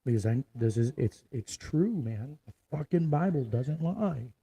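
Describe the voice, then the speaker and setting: A man delivering a profane, forceful rant to his viewers, repeating lines for emphasis. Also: medium pitch, lively intonation, unhurried, creaky, husky, rough recording. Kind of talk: ranting video monologue.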